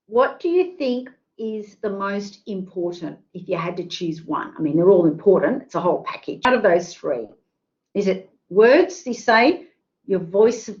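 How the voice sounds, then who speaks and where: Over a video call with dull-sounding audio, a woman with a mid-range voice presents an online careers workshop. She's chatty and uses lots of fillers, putting questions to her audience.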